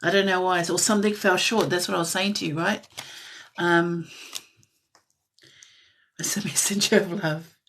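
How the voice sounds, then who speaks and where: A woman giving a live-stream tarot reading in a soft, musing way that drifts into whispers, with frequent light laughs. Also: on the low side, steady tone, normal speed, pauses often, a little hiss or hum. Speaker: tarot reader.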